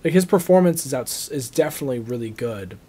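A man's voice: medium pitch, animated, quick pace, warm tone, husky. A young man co-hosting a casual movie podcast, rambling and trailing off as he talks. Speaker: podcast co-host.

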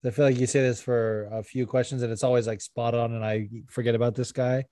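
A man's voice: mid-range voice, little pitch movement, brisk, warm tone, no echo. A man hosting a podcast in casual chat, rambling with lots of fillers, laughing often and swearing. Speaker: podcast host.

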